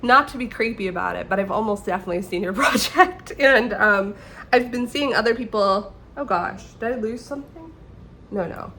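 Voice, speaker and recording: A woman's voice: fairly high pitch, moderate pace, pushed and bright, slight background noise. A young woman from Canada hosting a knitting podcast in casual chat, chatty and self-deprecating, laughing often.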